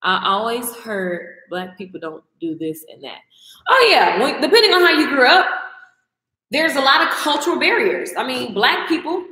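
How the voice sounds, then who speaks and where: A woman's voice: high-pitched, very animated, moderate pace, pushed and bright, reverberant. A woman, chatting on a livestream and talking straight to her viewers. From American South. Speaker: makeup and mindset coach. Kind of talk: casual livestream chat.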